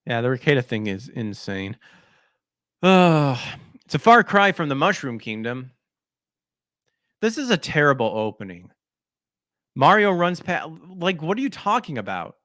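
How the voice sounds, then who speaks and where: A man's voice: fairly high pitch, sing-song, measured pace, long pauses, fairly bright tone, no room sound. Sarcastic male podcast host, dry sound. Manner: sarcastic, mocking, crude. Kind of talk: ranting gaming news commentary.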